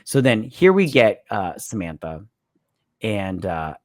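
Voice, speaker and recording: A man's voice: fairly low pitch, big pitch swings, slow pace, a little mellow, dry recording, studio quality. A tipsy man co-hosting a podcast, retelling a film's plot in a rambling way and acting out lines with "he's like". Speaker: podcast co-host. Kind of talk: casual movie recap.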